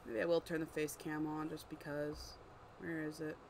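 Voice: medium pitch, flat delivery, normal speed, creaky, slight background noise. A writer chatting casually on a livestream while editing their story, thinking aloud and correcting themselves.

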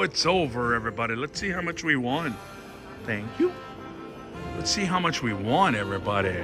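A man giving casual live commentary as he plays slot machines on a casino floor, excitable and pleading with the machine. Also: mid-range voice. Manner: excitable, pleading with the machine, keeps saying "everybody".

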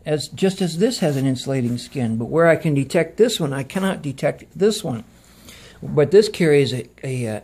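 A man's voice: fairly high pitch, a little mellow. A man speaking into a phone camera in an earnest, casual monologue, often repeating words for emphasis. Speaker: video presenter.

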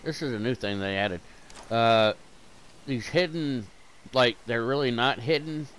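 A man giving rambling, joking commentary over his gameplay, swearing often and jumping between loud bursts and mumbled asides, wired on caffeine. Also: mid-range voice, unhurried, clean tone.

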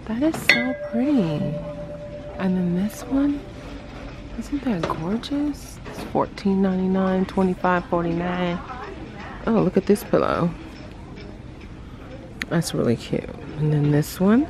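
A woman's voice: mid-range voice, animated, takes it slowly, pauses often. A woman vlogger gushing over items while walking through a large store, often dropping into half-whispered asides. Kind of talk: casual shopping vlog. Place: inside a large retail store. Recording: noisy store ambience.

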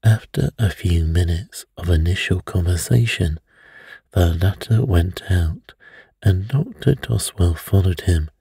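A man reading a mystery aloud as a bedtime story in a soft, soothing way. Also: sits low, a little slow, creaky, slightly rough, dry recording, studio quality.

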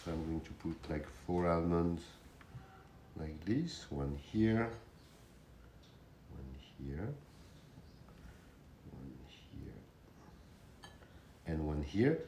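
Slow-talking man hosting a home cooking show. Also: a bass voice, dark tone, heavy reverb, distant mic, slight background noise, rough recording. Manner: slow, chatty, hands-on instructions. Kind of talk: casual cooking demonstration. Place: home kitchen.

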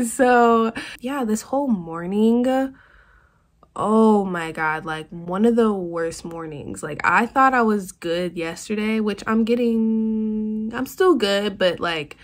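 A woman's voice: mid-range voice, slow. A woman in her twenties talking casually to her vlog camera, rambling with lots of "like", emotional and on the verge of tears. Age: 20s. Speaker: vlogger.

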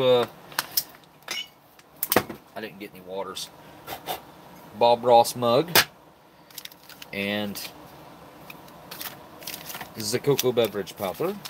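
A man's voice: medium pitch, noisy background. A man vlogging casually at a table at home, a bit tipsy from beer, rambling and thinking aloud as he unpacks food. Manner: rambling, relaxed, thinking aloud with many fillers. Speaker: MRE review vlogger. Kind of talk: casual solo chat to camera while unpacking food.

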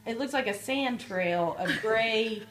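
High-voiced woman telling a comic story. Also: unhurried, roomy sound. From American South. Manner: animated, laughs through her lines, swears freely. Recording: loud background noise.

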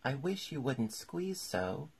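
A man's voice: mid-range voice, big pitch swings, slow, vocal fry, darkish tone, slightly rough, pitched above the performer's own voice, heavily acted. A man voicing a small, sulky, fussy male dormouse who complains in a raised, peevish voice.

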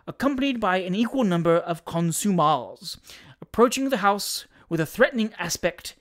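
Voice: mid-range voice, expressive, normal speed, natural voice. Reader doing a swaggering old sea captain, big and pompous, voice swoops all over, storybook tall tales. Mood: boastful. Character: boastful older male sea captain spinning tall tales. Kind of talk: audiobook character voice.

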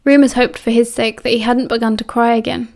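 A woman's voice: fairly high pitch, little pitch movement, a little fast, gravelly, a little mellow. Woman reading an audiobook aloud. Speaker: audiobook narrator. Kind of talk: reading fan fiction aloud.

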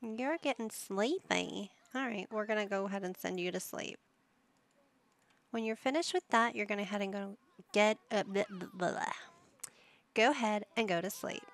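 A woman's voice: mid-range voice, unhurried, pauses often. A woman giving casual gameplay commentary, chatty and coaxing, talking to her characters like a parent would. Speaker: gaming YouTuber.

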